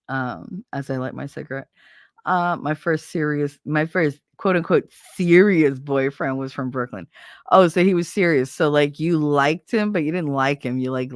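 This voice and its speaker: A woman's voice: sits low, unhurried, no room sound, clean studio sound. Chatty, profane New Jersey woman. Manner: chatty, profane, animated storytelling. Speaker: livestream host. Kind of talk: casual chat reading viewer comments. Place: at home, smoking.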